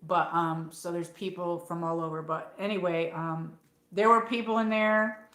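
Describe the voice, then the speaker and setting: A woman's voice: fairly low pitch, steady tone, moderate pace, fairly bright tone, reverberant. A woman from upstate New York with her regional accent, hosting a late-night livestream and telling a rambling story full of fillers and the odd swear word. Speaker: livestream host. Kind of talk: casual chat. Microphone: phone.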